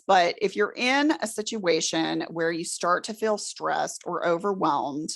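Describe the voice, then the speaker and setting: A middle-aged woman leading a room through a guided relaxation exercise, giving slow, soothing instructions. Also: on the low side, gravelly, a bit bright. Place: presentation room with an audience.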